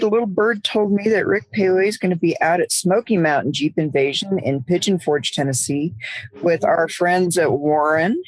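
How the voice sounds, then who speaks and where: A woman's voice: lowish voice, dry recording, low-quality recording. A woman with a Southern US accent co-hosting a podcast in casual chat, friendly and prone to restarting her sentences. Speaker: podcast co-host.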